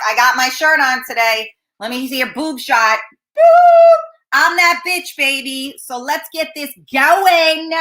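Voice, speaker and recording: A woman's voice: fairly high pitch, bright, forceful tone, roomy sound, rough recording. A woman hosting a casual live-streamed talk show, brash and profane, talking in a fired-up way.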